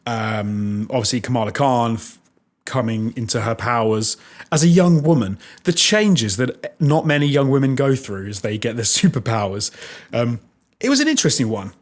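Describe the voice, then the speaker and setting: A man's voice: mid-range voice, expressive, moderate pace. A British man hosting a podcast, chatting frankly and laughing often. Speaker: podcast host. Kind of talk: casual chat.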